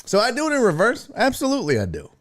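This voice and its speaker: A middle-aged man hosts a casual sports talk stream, reading viewer comments and chatting in a rapid-fire, high-sitting voice. He's profane, animated and jokey, slipping into mock voices now and then.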